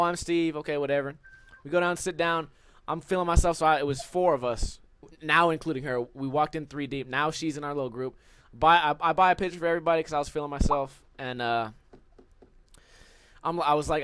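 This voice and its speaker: A young man telling a story on a casual podcast, swearing and ranting with animated energy. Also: a little high, dry recording. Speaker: podcast co-host.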